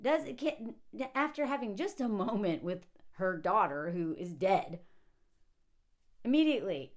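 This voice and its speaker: A woman with a fairly high voice rants through a casual film commentary. She is sarcastic and animated, often laughing mid-sentence and acting out the characters' lines. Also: moderate pace. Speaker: movie commentator.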